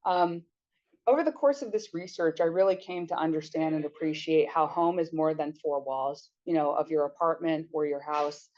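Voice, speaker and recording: A woman sociology professor giving a lecture and reading from her own book, measured, with small restarts. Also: sits low, darkish tone, muffled recording.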